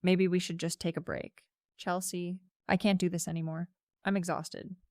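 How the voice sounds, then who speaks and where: Tired, calm boyfriend in a spoken story, read by a woman, low and steady. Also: normal speed, no room sound, clean studio sound, close to an everyday voice. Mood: weary. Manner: calm, worn-out, patient. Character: tired, weary adult boyfriend pleading calmly. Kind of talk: first-person story narration.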